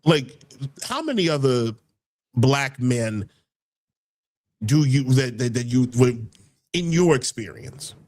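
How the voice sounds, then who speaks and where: A man hosting a casual political talk show, heated and rambling, often repeating words as he builds his point. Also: medium pitch. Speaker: podcast host.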